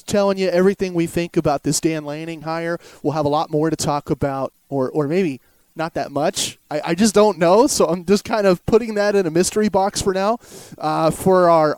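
A man with a fairly high voice hosts a casual sports podcast. He talks conversationally and hesitates now and then. The sound is dry, with no room echo. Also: darkish tone, clean tone. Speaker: podcast host.

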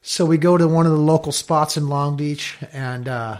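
A middle-aged man from Southern California, a podcast guest telling animated, profane stories and acting out what others said. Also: fairly high pitch, moderate pace. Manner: animated, swears freely, acts out quotes. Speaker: podcast guest, dive company owner. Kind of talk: casual storytelling interview.

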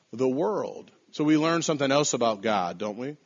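A man's voice: medium pitch, expressive. Emphatic preacher man, dull lo-fi sound. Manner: measured, emphatic preaching with slowed stressed phrases. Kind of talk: sermon.

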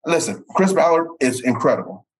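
A man in his forties, a sportswriter, telling stories in an animated way and tripping over repeated words. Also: brisk, breathy edge, rough recording. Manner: animated, repeats words, jumps up in pitch for quoted voices. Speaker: sportswriter guest. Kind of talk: storytelling in conversation.

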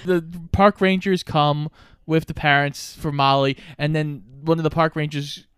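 A man's voice: a little high, steady tone, moderate pace, a bit bright, smooth, no room sound. Man co-host, wry storyteller, clean and dry. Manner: wry, joking retelling of the plot. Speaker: podcast co-host. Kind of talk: casual movie recap chat.

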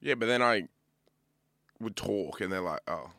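A man's voice: on the low side, a little slow, creaky, sharp tone, dry recording, studio quality. A young Australian man co-hosting a podcast, joking and swearing freely in casual banter. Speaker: podcast co-host. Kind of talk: casual chat.

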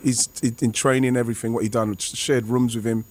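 A former footballer, telling a rambling, excitable anecdote over a remote call. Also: male voice, medium pitch, fast talker. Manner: rambling, excitable, many restarts and fillers. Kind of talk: casual anecdote on a podcast.

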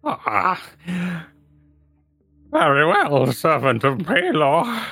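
A man's voice: on the high side, wildly swooping pitch, extremely slow, vocal fry, pushed and bright, husky, dry recording, soft background music, voice pushed up, exaggerated voice. A man voicing a hungry, toothless old man who is hunched and skittish, with squawking, wheezy cries. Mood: wary.

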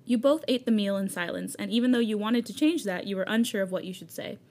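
A woman's voice: medium pitch, fast, darkish tone. Woman, podcast co-host, casual read-aloud, giggly. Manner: giggly, breaks into laughter while reading. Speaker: podcast co-host reading fan fiction. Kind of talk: casual reading aloud with banter.

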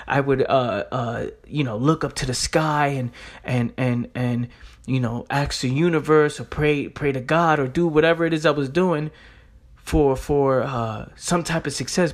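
A man hosting a motivational podcast monologue. He talks bluntly, swears, repeats points for emphasis and keeps checking in with "right?". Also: medium pitch. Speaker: podcast host.

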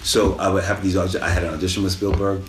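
A man in casual interview chat, talking in a relaxed, rambling way with many restarts. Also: low voice, fast. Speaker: guest actor. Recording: distant mic in echoey room, faint noise.

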